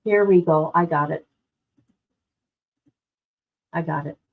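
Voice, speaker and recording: Speaking slowly in a deep, creaky voice, a woman hosts a laid-back livestream, exclaiming dramatically to herself and her chat. She uses the device mic with no headphones, so the audio sounds narrow and tinny.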